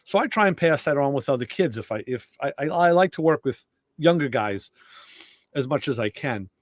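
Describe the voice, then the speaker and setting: A middle-aged man hosting a casual podcast conversation, telling stories in an animated way and acting out quoted dialogue. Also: medium pitch, moderate pace, no room sound, clean studio sound. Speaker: show host.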